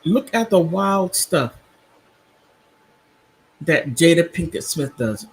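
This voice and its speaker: Husky-voiced man hosting a chatty livestream. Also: on the high side, very animated, slow, poor audio. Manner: chatty, rambling, reacts to viewer comments. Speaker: live-stream host. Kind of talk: casual live-stream commentary. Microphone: computer mic on a streaming app.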